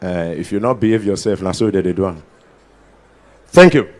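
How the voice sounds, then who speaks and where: A man with a Nigerian accent doing stand-up comedy at a ceremony, bantering with the crowd and slipping into pidgin with sudden loud outbursts. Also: sits low, normal speed. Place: large ceremony before an audience.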